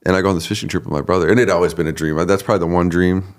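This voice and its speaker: A man's voice: sits low, racing. A man, an associate pastor, telling his story, laughing often and acting out what others said. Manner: relaxed, laughs often, acts out quoted people. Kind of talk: conversational storytelling.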